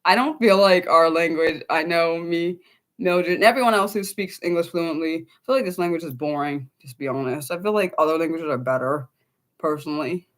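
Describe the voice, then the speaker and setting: A woman's voice: on the low side, moderate pace. A young woman from the United States hosting an unscripted livestream, rambling casually to her chat with many ums and restarts. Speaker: livestream host.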